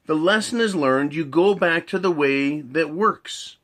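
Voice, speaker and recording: A man's voice: fairly high pitch, measured pace, few pauses, fairly bright tone. A man ranting in a monologue. He swears a lot, repeats his points, builds long analogies and keeps asking "right?". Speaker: commentator.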